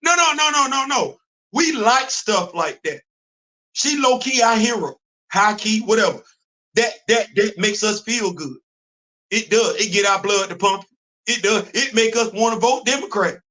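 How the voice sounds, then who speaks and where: High, bright-voiced man hosting a live chat. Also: moderate pace, poor audio. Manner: animated, repeats phrases for emphasis, shifts loud to quiet. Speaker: host of a live comics and culture show. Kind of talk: casual live-stream chat.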